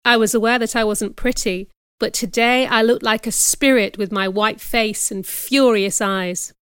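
Slow, clear woman narrating a story. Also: on the high side, steady tone, a bit bright, dry recording, studio quality. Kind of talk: scripted audiobook narration.

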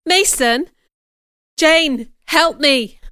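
Storybook gentleman giving urgent orders, read by a woman in a bright, forceful voice. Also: fairly high pitch, slow, smooth, dry recording, clean studio sound. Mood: alarmed. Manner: urgent, commanding. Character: Mister Rochester, commanding man.

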